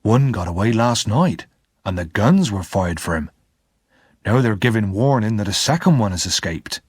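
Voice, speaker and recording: A man voicing a big, gentle, simple blacksmith who speaks kindly. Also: lowish voice, lively intonation, moderate pace, slightly rough, no echo, clean studio sound. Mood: quiet.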